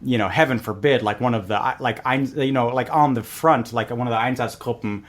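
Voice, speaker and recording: A man's voice: mid-range voice, a little fast. A man talking as a podcast guest, telling stories animatedly with lots of fillers. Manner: animated storyteller, voices quoted characters, many fillers. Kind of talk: casual podcast chat.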